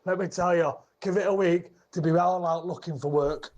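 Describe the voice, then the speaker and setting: A man's voice: high voice, fairly even intonation, brisk, darkish tone. A man from Manchester calling a radio phone-in, forthright, speaking in clipped sentences. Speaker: caller. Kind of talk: phone-in call. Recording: dull lo-fi phone line.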